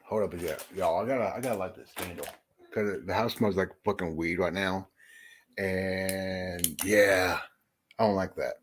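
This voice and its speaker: A man's voice: deep voice, fairly even intonation, measured pace, a little hiss or hum. A man hosting a casual livestream chat, greeting viewers and talking bluntly with heavy swearing and frequent restarts. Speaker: livestream host.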